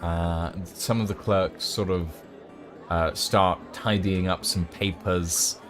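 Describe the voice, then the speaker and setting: A man running a tabletop game as game master, narrating scenes with many fillers and pauses. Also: deep voice, fairly even intonation, faint music behind.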